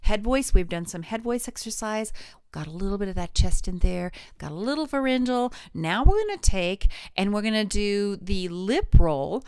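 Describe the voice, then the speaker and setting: A woman coaching singers in a live online lesson, her speaking voice ranging widely in pitch. She sounds close and dry, with no room around her. She encourages viewers warmly and talks them through each exercise. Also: expressive, normal speed, smooth, no room sound. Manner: demonstrates vocal exercises, sings and slides between notes; encouraging, addresses viewers directly. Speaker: voice teacher.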